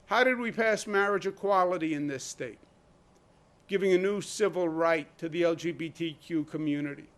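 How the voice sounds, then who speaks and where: A man speaking as governor at a press conference, emphatic and full of rhetorical questions. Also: high voice. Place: indoor briefing room.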